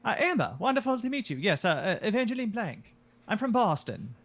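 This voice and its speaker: A man's voice: sits high, big pitch swings, fairly quick, full character voice. A player voicing a prim academic woman from Boston, fussy and hesitant with many filler sounds. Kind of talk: tabletop role-play.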